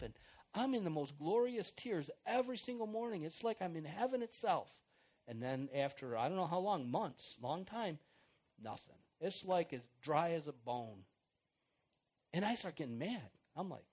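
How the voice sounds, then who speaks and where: A middle-aged man preaching an informal sermon, acting out prayers and conversations in an animated way. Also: very high-pitched.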